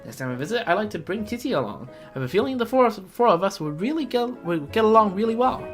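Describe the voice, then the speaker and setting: A woman voicing a cheerful, earnest young girl traveler in a game, speaking brightly. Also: medium pitch, big pitch swings, fast talker, faint music behind, lightly acted. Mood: admiring. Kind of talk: game character voice line.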